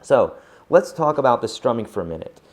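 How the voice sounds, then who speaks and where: A man giving a casual acoustic guitar lesson, chatty and relaxed, counting beats aloud. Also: mid-range voice, fairly quick, slight background noise. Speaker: guitar teacher. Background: acoustic guitar playing.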